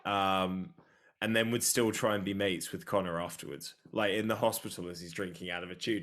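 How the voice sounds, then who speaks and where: A man co-hosting a podcast, chatting casually and excitably about fights with a joking tone. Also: deep voice, brisk. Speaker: podcast co-host. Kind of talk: casual sports chat.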